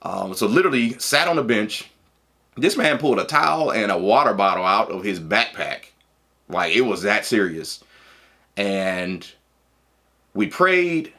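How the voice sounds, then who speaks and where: A man telling a personal story in a casual, animated way, laughing and acting out what people said. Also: fairly low pitch, unhurried, long pauses.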